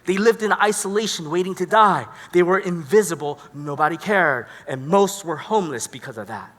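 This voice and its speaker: Male pastor, sermon, dramatic storytelling, bright tone, long church reverb. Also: sits high, expressive, moderate pace. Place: church hall. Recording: echoey church hall.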